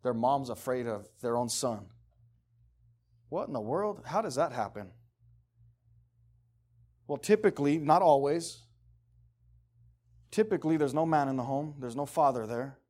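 A man's voice: mid-range voice, expressive, unhurried, long pauses, darkish tone. A middle-aged man preaching a casual sermon, talking conversationally and emphatically and acting out the voices he quotes.

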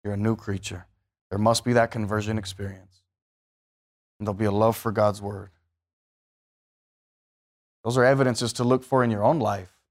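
A man, sounding, preaching a sermon in a conversational way that rises to emphatic bursts and puts questions to the listeners. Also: on the low side.

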